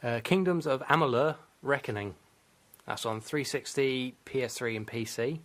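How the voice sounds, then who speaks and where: A man's voice: medium pitch, moderate pace, a bit bright. A man hosting a gaming podcast in casual, rambling chat, laughing often at himself. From Britain. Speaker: podcast host.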